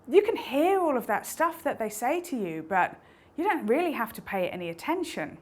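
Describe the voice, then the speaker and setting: Lively high-voiced woman giving a motivational talk. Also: moderate pace. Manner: lively, animated, explanatory. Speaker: speaker on intuition.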